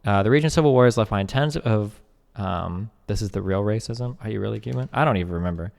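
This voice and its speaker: A young man doing casual live-stream commentary, reading text aloud fast and breaking off to chat, joke and swear. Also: on the low side, gravelly, a little mellow, in a large hall.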